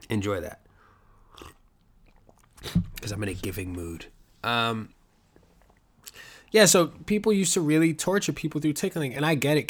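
A man in his thirties hosting a podcast, talking in a casual, rambling comedic monologue with lots of swearing and animated asides. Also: medium pitch. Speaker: podcast host.

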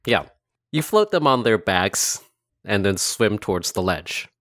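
A man's voice: fairly low pitch, animated, measured pace, fairly bright tone, dry recording, clean studio sound. A man narrating a tabletop game as dungeon master, casual and self-correcting with chuckles.

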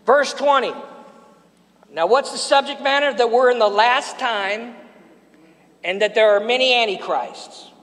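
A high-pitched male pastor preaches to his congregation, prompting them to answer back and turn to their neighbors. His voice carries through a church hall with a long trailing reverb. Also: fairly bright tone. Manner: preaching with call-and-response to the congregation. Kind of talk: sermon. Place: church sanctuary.

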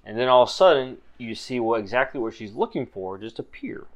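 A man's voice: mid-range voice, animated, brisk. A man narrating as game master of a tabletop game, describing scenes in loose, easygoing storytelling.

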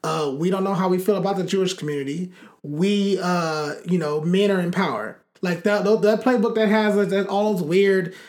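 A man's voice: high voice, fairly even intonation, normal speed, a little mellow. A man co-hosting a casual chat, talking bluntly and emphatically, with profane and fiery rants.

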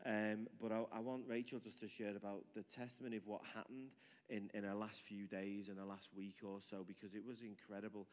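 A church leader, a man, introducing a testimony in a halting way with frequent restarts. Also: lowish voice, level tone, darkish tone. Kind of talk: leading a church service. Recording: long hall reverb.

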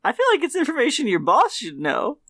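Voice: high voice, wildly swooping pitch, brisk, fairly bright tone, dry recording. A podcast co-host in casual chat, chiming in with wry, teasing remarks.

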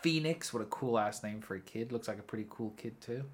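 A man's voice: fairly low pitch, brisk. Guy hosting a podcast solo, rambly storytelling, swears a bit, keeps correcting himself. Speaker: podcast host. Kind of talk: casual solo podcast monologue.

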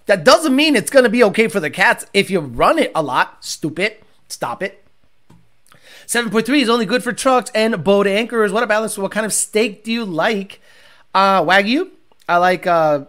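A man's voice: sits high, lively intonation, a little fast, fairly bright tone. A young man hosting a casual car-tuning livestream. He answers viewer questions bluntly and profanely, makes jokes, and mocks others in put-on voices.

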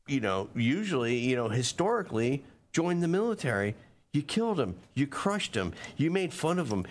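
Male co-host, heated, ranting and profane, mid pitch. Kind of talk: casual political talk show.

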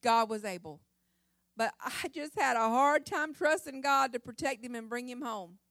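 Speaking at a moderate pace in a slightly high, bright voice, this middle-aged church speaker shares her testimony with drama and emphasis. The recording is dry and of studio quality.

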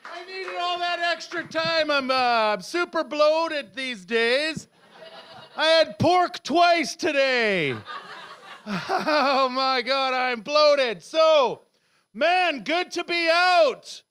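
A middle-aged man from Canada performs stand-up with an unusually high voice. He rambles, shouts lines for effect and laughs through his own bits. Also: lively intonation, slow, a little hiss or hum. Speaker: stand-up comedian. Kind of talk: live stand-up set. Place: comedy club stage.

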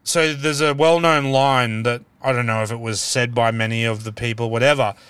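An Australian man hosts a loose, rambling podcast chat from inside a car, laughing often as he talks. His voice is smooth and clear, recorded dry with no room sound. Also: medium pitch, fairly even intonation, normal speed, a bit bright, no room sound. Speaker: podcast host. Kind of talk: casual chat.

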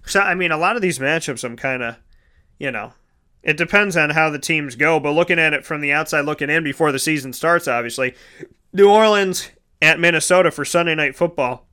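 A man's voice: a little high, fairly quick, bright, forceful tone, clean tone. A man hosting a casual solo sports talk show, chatty and rambling, correcting himself mid-sentence and calling his listeners folks.

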